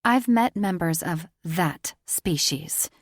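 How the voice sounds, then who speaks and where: A woman's voice: fairly high pitch, animated, measured pace, gravelly, no echo, clean studio sound, pitched above the performer's own voice. A woman voicing a defiant young woman doctor. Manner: defiant, indignant.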